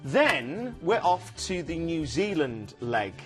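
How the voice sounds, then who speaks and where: A man's voice: on the high side, very animated, takes it slowly, soft background music. A man presenting a TV cruise sales show, chatting enthusiastically and rambling with fillers. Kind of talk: casual studio sales chat. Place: TV studio.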